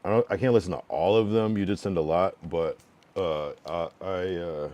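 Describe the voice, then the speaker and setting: A man's voice: low voice, steady tone, a little mellow. A man from New England streaming live, reading his chat aloud and answering it in a frank, loose, slang-filled way. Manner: drawn-out slang-filled musing with many fillers. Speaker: livestreamer giving feedback to chat. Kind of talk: casual livestream chat.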